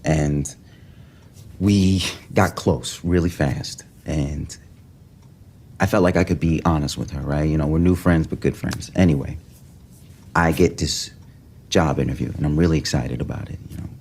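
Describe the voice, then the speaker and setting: A man's voice: very deep voice, normal speed, creaky, pauses often, breathy edge, heavily acted. An actor playing a young man casually recounting a college story in TV series dialogue, often checking in with "right?". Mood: casual, storytelling. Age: young adult. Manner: relaxed storytelling, seeks agreement with "right?".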